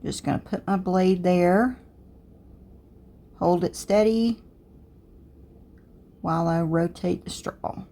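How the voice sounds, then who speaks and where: Low, gravelly Southern woman. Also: slow, pauses often. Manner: relaxed, thinking aloud while working. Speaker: crafts tutorial host. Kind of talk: casual step-by-step tutorial narration.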